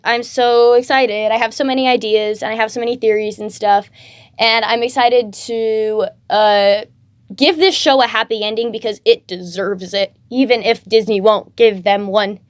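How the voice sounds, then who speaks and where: A woman's voice: a little high, dry recording. A tired woman casually chatting to her viewers, rambling with lots of fillers, her voice cracking a bit. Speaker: fan-fiction creator.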